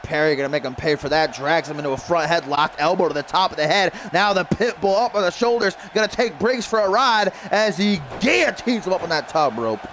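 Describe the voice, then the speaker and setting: Excitable male wrestling commentator. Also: a little high, fairly quick, few pauses, slight background noise. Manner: excitable, laughing asides, reads viewer tweets. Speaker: play-by-play commentator and streamer. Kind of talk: wrestling video game commentary.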